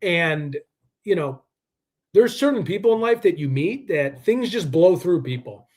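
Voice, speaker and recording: Guy hosting a live true crime stream, kinda high voice, rambly and argumentative. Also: animated, unhurried, darkish tone. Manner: rambling, combative, heavy use of "like".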